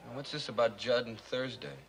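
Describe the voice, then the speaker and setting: An actor playing a teasing newspaper reporter with a dry, sarcastic way of talking. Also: male voice, medium pitch, steady tone, brisk, gravelly, fairly bright tone, a little hiss or hum, poor audio. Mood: wry.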